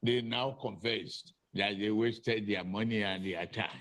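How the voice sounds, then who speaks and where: A man in his seventies giving a halting public statement, stopping and repeating words as he goes. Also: lowish voice, a bit bright, low-quality recording. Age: 70s. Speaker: politician in an archive clip. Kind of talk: press statement.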